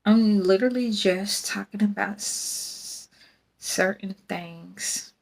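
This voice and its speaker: A woman's voice: mid-range voice, takes it slowly, vocal fry, darkish tone. A young adult woman, hosting a casual faith podcast in a rambling, candid way and laughing often. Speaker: podcast host.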